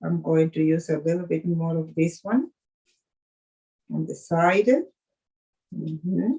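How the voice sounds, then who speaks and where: A woman chef leading a live cooking demonstration, speaking haltingly with fillers and restarts, an English speaker. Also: low voice, steady tone, vocal fry, dark tone, highs cut off.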